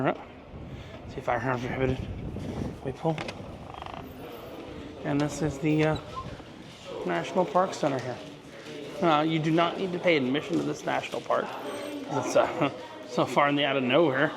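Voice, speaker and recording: A man's voice: a little high, gravelly. A man hosting a travel vlog, giving rambling, jokey walking-tour commentary outdoors on a cruise ship and in a small town. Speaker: travel vlogger and host. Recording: noisy outdoor recording with passing vehicles.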